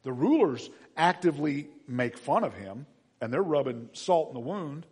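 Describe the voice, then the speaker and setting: A man preaching a sermon as a pastor, dramatic, dropping to a hush and then rising high and loud. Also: big pitch swings, moderate pace, slightly rough. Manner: dramatic, swings from hushed to shouting. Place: church. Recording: long reverb of a large hall.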